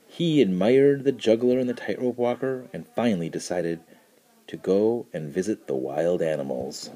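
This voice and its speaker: A man narrating a children's story with expressive, storytelling delivery. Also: lowish voice, normal speed. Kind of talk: storybook reading.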